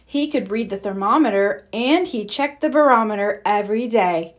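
A woman reading a children's picture book aloud with expressive storytelling. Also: medium pitch, moderate pace. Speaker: storybook reader. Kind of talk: children's read-aloud narration.

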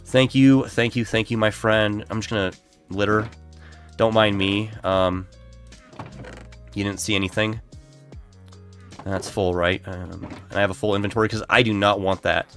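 A man's voice: on the low side, fairly even intonation, normal speed, long pauses, a bit bright. A man live-streaming a video game, nasal and congested from allergies, chatting casually with his viewers in a self-deprecating way while he plays. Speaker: Minecraft streamer. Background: lo-fi background music.

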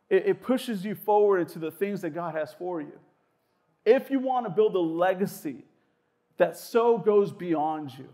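A young male pastor preaching a sermon in a casual, animated way, with lots of "like" fillers and quick asides. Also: high voice.

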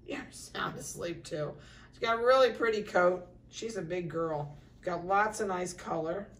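A middle-aged woman dog breeder in a casual puppy update, cooing softly to the litter and giving brisk practical notes to buyers. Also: on the low side, distant mic. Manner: coos softly to puppies, then gives brisk practical notices to buyers.

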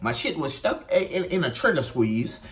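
A man casually telling a story to his viewers, animated and profane. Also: moderate pace. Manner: animated, profane, swings pitch widely for emphasis.

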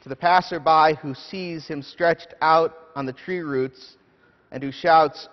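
A pastor delivering a sermon, telling a story in a measured, prayerful way. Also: male voice, fairly high pitch, steady tone. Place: church sanctuary. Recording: dull echoey church hall.

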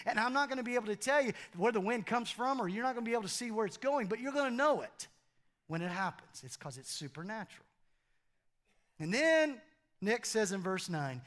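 A man's voice: very high voice, animated, fairly quick, a bit bright. A middle-aged man preaching a sermon in a church, conversational and humorous, often repeating phrases for emphasis. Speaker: pastor. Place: church auditorium.

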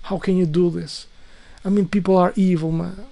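A man's voice: high voice, steady tone, moderate pace, gravelly, dark tone. A man speaking English as a second language, ranting in exasperation to his viewers, swearing often and restarting his sentences. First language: not English. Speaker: vlogger. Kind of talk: casual rant to camera.

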